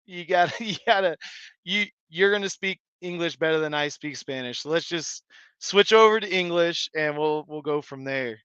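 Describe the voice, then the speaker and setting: A man's voice: on the high side, normal speed, a bit bright, clear, resonant tone, no room sound, lo-fi sound. A man hosting a live stream, chatting casually and rambling with many restarts and fillers. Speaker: live stream host reading chat. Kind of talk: casual chat.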